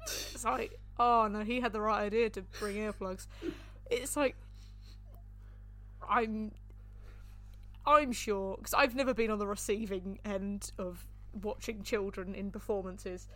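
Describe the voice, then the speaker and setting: Bright, chatty woman. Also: mid-range voice, fairly even intonation, unhurried, pauses often. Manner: chatty, laughs often, rambling asides. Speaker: podcast co-host. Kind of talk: casual chat.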